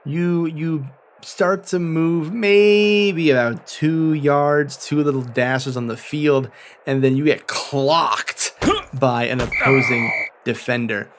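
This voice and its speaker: A young man narrating as game master of a tabletop game, playful and animated, swearing freely. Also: on the high side, takes it slowly, a little hiss or hum.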